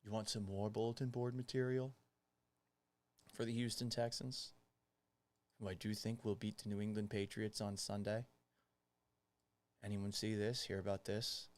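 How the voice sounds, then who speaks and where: A man hosting a sports commentary show, mocking and profane, swinging between loud outbursts and quiet asides. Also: lowish voice, flat delivery, moderate pace, pauses often.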